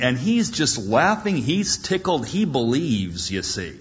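A man's voice: on the high side, wildly swooping pitch, a little slow, hardly any pauses, fairly bright tone, muffled recording. A man preaching a sermon with dramatic storytelling and jokes.

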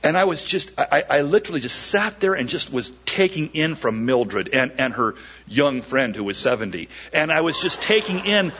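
A man, a pastor, telling a story in a sermon, animated and acting out the voices of people he quotes, on a dull lo-fi recording. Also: on the high side, moderate pace, slightly rough.

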